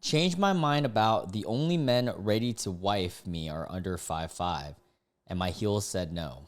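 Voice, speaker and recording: A young man reading dating app posts aloud and reacting casually, laughing and breaking into sudden high-pitched disbelief. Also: lively intonation, measured pace.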